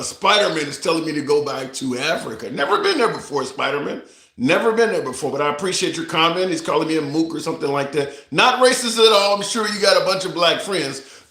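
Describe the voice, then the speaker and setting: A man's voice: high voice, bright, forceful tone, roomy sound. A man hosting a casual live stream from a rented home, rambling, restarting sentences and putting questions to his audience.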